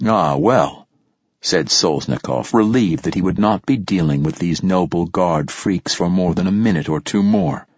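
Brief: male audiobook narrator, measured, dry close sound, slightly muffled recording. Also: low voice, darkish tone, husky, no room sound. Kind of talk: scripted narration.

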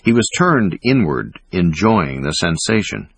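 Male audiobook narrator: slow, measured, dramatic, with a low husky voice and lively intonation. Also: dry recording. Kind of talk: scripted narration.

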